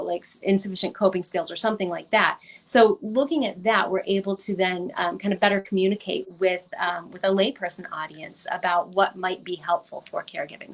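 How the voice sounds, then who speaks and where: A woman researcher answering interview questions in a measured, explanatory way, clearing her throat as her voice gives out. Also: fairly low pitch. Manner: measured, explanatory, repeats words when restarting. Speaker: researcher guest.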